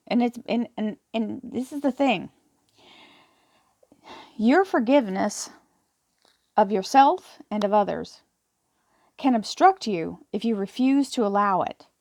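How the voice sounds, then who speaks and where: A woman's voice: on the high side, darkish tone, no room sound, clean studio sound. A woman reading tarot affirmations and explaining them in an earnest, encouraging way, often repeating words as she talks. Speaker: tarot reader. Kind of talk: spiritual affirmation talk to camera.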